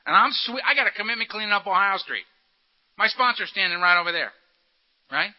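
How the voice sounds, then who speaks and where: A man giving a recovery meeting talk in an animated, joking, punchy storytelling manner. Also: sits high, brisk. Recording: dull lo-fi recording.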